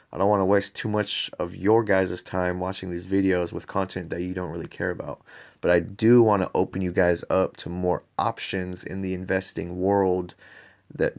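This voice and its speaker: Deep-voiced man casually explaining investing. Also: creaky. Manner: loose, conversational, talks straight to viewers. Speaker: finance channel host.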